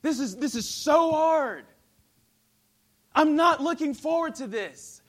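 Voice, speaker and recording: A man's voice: very high-pitched, lively intonation, slow pace, voice pushed up, exaggerated voice. A man acting out the quoted prayer of an anguished man pleading desperately within a sermon. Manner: pleading, strained and loud.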